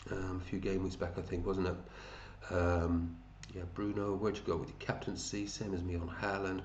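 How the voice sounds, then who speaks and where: A man's voice: low voice, steady tone, normal speed, hardly any pauses, a little mellow, reverberant, a little hiss or hum. A man hosting a fantasy football league, chatting casually and matey as he runs through scores and thinks aloud. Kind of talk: casual commentary over a screen.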